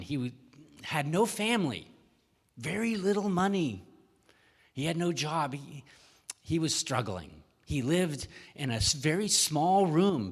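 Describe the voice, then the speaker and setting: A man's voice: mid-range voice, husky. A male minister telling a children's story at a worship service, asking the children questions as he goes. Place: church sanctuary. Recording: echoey church hall.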